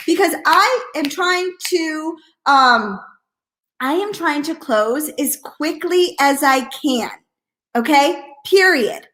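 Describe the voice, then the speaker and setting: A woman coaching network marketers on a live stream, energetic and blunt, repeating "okay?" and acting out hesitant and excited voices. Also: sits high, slow.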